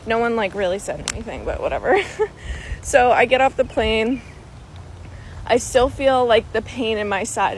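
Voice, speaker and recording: Young pregnant woman, casual storytime, expressive and chatty, light outdoor noise. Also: a little high, moderate pace, low-quality recording. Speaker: vlogger.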